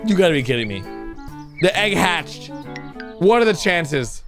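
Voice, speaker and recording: An excitable man reacts to animated clips, his voice leaping wildly from low to high as he exclaims and calls out to his viewers. Music plays clearly beneath his talk. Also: unhurried, pauses often. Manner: excitable, exclamatory, talks to viewers as "bro" and "guys". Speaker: reaction video host.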